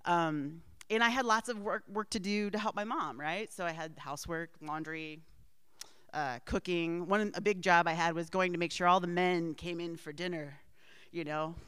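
A woman's voice: on the low side, moderate pace, fairly bright tone, clear, resonant tone, no room sound. A middle-aged woman telling a personal family story in a rambling way, with asides and frequent laughs.

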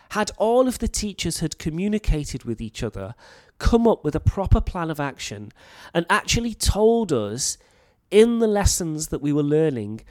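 A man's voice: sits high, no room sound, clean studio sound. A man in his late thirties with a North Welsh accent, a teacher talking earnestly to fellow teachers and explaining his points. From North Wales.

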